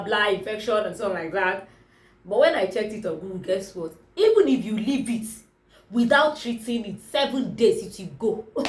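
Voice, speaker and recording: A woman with a Nigerian accent reviewing a movie in a casual vlog, talking in an exclamatory, animated way. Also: a little high. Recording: roomy, distant mic.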